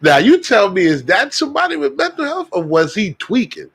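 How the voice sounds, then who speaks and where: A man telling an animated story in casual chat as a podcast co-host. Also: sits high, brisk, gravelly, a little hiss or hum. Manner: animated, jumps into impressions.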